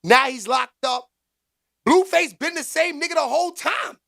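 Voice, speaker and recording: High, gravelly-voiced man ranting on stream. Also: normal speed. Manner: animated, bursts into loud exclaims, slangy street talk. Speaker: livestream commentary host. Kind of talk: casual live-stream commentary, reading chat.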